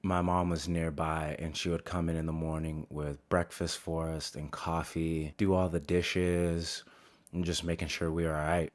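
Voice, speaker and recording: A man in his thirties doing a stand-up monologue, telling his stories in a profane, exasperated way. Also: deep voice. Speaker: stand-up comedian.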